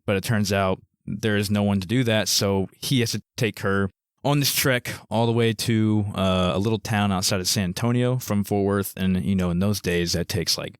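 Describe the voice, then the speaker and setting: A man's voice: lowish voice, moderate pace, clear, resonant tone, dry recording, clean studio sound. A man co-hosting a movie podcast, easygoing and a bit hesitant as he sums up a plot. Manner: easygoing, hesitant with fillers while summarizing. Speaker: podcast co-host. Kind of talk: casual movie discussion.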